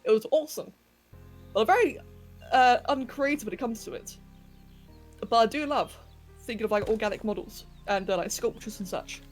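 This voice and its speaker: A woman's voice: on the high side, normal speed, pauses often, soft background music. A young woman chatting casually with viewers on a game livestream, giggling often as she works. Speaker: game streamer. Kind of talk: casual livestream chat while playing a game. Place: home bedroom.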